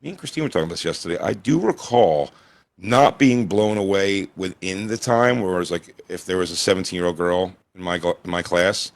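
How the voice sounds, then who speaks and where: A man's voice: low voice, lively intonation, brisk, no room sound. A man in his forties, co-hosting a comedy podcast with crude, laid-back banter. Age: 40s. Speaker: podcast co-host. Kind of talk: casual comedy podcast chat.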